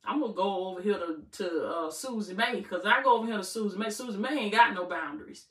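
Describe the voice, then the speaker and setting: Brief: sly, lazy male evil spirit as a woman puts him on, grumbling and exasperated, pitched up and bright, roomy far-off sound. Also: fast, natural voice. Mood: dismissive. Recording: roomy, from the mic.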